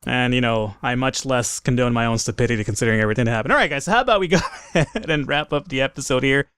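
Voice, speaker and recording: A man commentating his own gameplay in a let's play, excitable, swearing and laughing at his own mistakes. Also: medium pitch, very fast, smooth, dry recording, studio quality. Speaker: gaming commentator.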